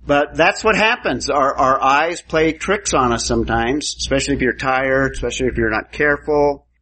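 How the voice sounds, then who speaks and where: A man's voice: medium pitch, moderate pace, pushed and bright, slight background noise, low-quality recording. A man teaching a class, giving a lecture and quizzing students with questions.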